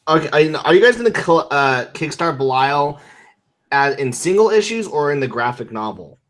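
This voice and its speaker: A man's voice: fairly high pitch, sing-song, moderate pace, a bit bright. A man hosting a casual interview chat, asking long, rambling questions.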